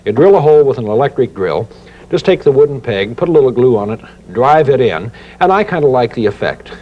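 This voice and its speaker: A middle-aged man presents a woodworking project on a home improvement show, chatting and teasing in a homespun, folksy demonstration. Captured on 1990 VHS with faint hiss and lo-fi sound, his mid-range voice is very animated and brisk.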